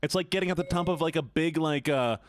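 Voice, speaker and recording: In a fairly high, quick voice, a man live-streams casual chatter, joking playfully as he teases his chat. He sounds nasal and stuffed-up.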